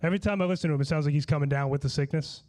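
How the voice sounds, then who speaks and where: A man with a somewhat high voice performs rambling stand-up in a small comedy venue. He sounds slightly tipsy and slurs his words a little. His delivery is loose and casual, full of restarts and swearing. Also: racing, darkish tone. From Long Island, New York.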